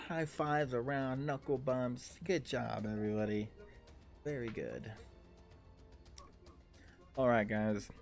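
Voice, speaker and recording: Gravelly-voiced man narrating tabletop combat. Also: medium pitch. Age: 30s. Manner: vivid, energetic combat narration. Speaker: dungeon master. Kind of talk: livestreamed tabletop game narration.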